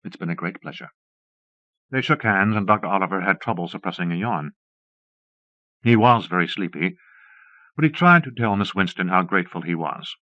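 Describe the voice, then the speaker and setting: A man with a low voice reads a story aloud steadily and in measured phrases. The recording comes from a dull old cassette and sounds close and dry. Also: lively intonation, dry recording. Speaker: audiobook narrator. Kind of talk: audiobook narration.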